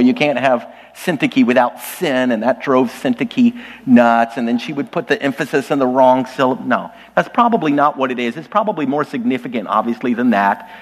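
Man preaching in a reverberant church. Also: medium pitch. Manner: conversational, lightly humorous, addresses the congregation directly. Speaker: pastor. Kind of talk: sermon. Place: church sanctuary.

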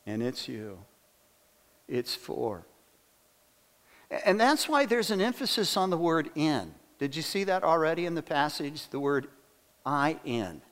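A man's voice: on the high side, smooth. A male pastor preaching a sermon in a conversational way, often putting questions to the congregation. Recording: long hall reverb.

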